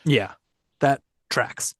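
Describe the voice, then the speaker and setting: A man's voice: drawn-out words, a bit bright, no echo, clean studio sound. A man co-hosting a podcast, rambling and joking in casual chat. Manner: rambling, chatty, jokey. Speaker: podcast co-host.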